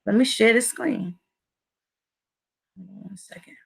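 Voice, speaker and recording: A woman's voice: a little high, slow pace, vocal fry. A woman giving a profane, repetitive livestream commentary, speaking in a confrontational way.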